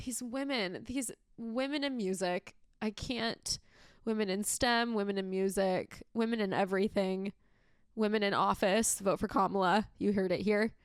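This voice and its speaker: A woman's voice: mid-range voice, steady tone, moderate pace, clean tone, dry recording, clean studio sound. A young woman hosting her own podcast from bed, talking casually, giggly and gushing with emotion. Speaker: podcast host. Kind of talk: casual solo chat.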